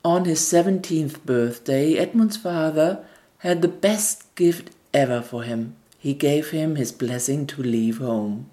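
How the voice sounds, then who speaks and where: A woman narrating a fairy tale in a gentle storybook reading, with scripted narration. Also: low voice, slow pace. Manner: gentle storybook reading with quoted family dialogue.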